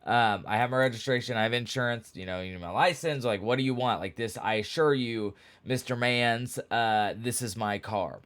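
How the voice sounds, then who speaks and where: A man's voice: medium pitch, moderate pace, few pauses, a bit bright. A man vlogging from home, telling a long story in a rambling, casual way with lots of fillers and wry, exasperated asides. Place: at home with pets.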